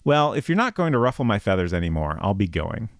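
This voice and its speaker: A man's voice: on the low side, big pitch swings, fast, no room sound, studio quality. A man voicing a flirty, vain male egret in a text adventure game, teasing and forward.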